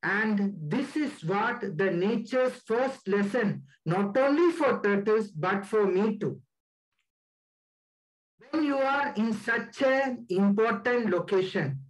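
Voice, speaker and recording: Slow, high-voiced man giving a talk. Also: rough recording. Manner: deliberate, stresses key words. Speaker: guest speaker. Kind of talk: slide presentation talk.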